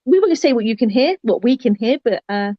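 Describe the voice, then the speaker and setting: An upbeat, giggly woman co-host with a fairly high voice. Her audio is dull and dry, with a lo-fi quality. She talks casually. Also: expressive, fairly quick, no room sound. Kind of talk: casual live-stream chat.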